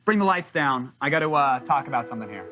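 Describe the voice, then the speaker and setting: A man trades jokes as a TV co-host, his voice swinging up and down as he bounces between bits. Soft music plays under him. He slips into playful put-on voices. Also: mid-range voice, lively intonation, fast talker, dull audio. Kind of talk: comedic tech show banter.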